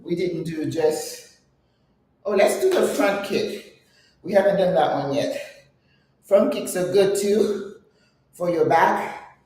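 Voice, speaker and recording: A woman's voice: fairly low pitch, lively intonation, slow pace, pauses often, warm tone. Winded older woman coaching a workout. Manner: chatty, coaching, counts reps aloud. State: out of breath. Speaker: exercise vlogger. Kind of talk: guided home workout chat. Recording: very echoey room, voice from a distance.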